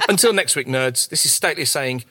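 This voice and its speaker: A man's voice: on the high side, huge pitch swings, moderate pace, pushed and bright. A British man delivering a crude, sardonic, mock-pompous comedic rant from a prerecorded segment. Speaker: segment contributor. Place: separate recording played on the show.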